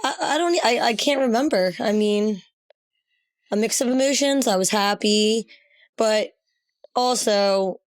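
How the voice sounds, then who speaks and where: Woman chatting on a podcast, kinda halting, starts over a lot, normal pitch. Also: no echo. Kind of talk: casual conversation.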